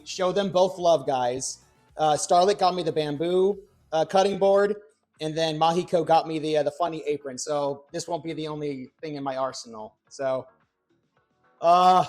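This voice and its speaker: A young man chatting on a cooking livestream, rambling and excitable, with playful exclamations and restarts. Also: on the high side. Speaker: streamer. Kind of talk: casual cooking livestream chat. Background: faint background music.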